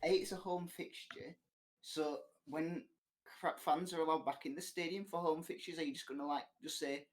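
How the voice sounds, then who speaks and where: A man's voice: on the high side, fairly even intonation, moderate pace, low-quality recording. A young man on a casual podcast, blunt and sweary. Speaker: podcast co-host. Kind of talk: casual chat.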